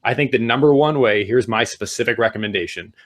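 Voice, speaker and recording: Man, middle-aged, talk show co-host, casual advice, animated, speeds up when excited. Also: medium pitch, quick pace. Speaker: podcast co-host.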